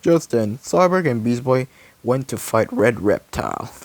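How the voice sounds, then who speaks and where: Man slowly reading his own story. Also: medium pitch, sing-song, darkish tone, dry recording. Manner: halting, casual reading with slips.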